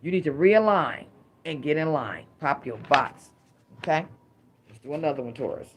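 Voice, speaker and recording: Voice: mid-range voice, expressive, normal speed, noisy background. Preachy middle-aged tarot reader. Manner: rhyming catchphrases, emphatic, preachy. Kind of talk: casual tarot reading to viewers.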